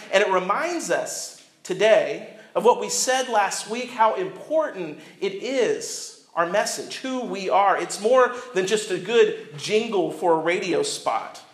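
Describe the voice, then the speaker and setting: Man, pastor, sermon, high voice, echoey church room, expressive storytelling. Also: unhurried, few pauses. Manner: expressive, acts out quoted voices.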